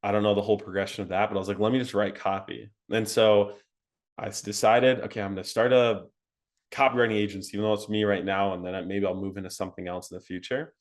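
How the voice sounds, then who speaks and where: A young man telling his story as an interview guest, animated and laughing, full of "like" and "um". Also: lowish voice, quick pace. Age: young adult. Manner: animated, laughing, frequent fillers like "like" and "um".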